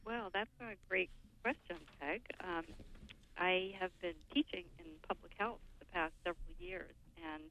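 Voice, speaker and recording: A woman's voice: fairly low pitch, moderate pace, sharp tone, slight background noise. An older woman, a radio show guest, explaining at length in a thoughtful, lecturing way. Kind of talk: radio interview. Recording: phone line, lo-fi.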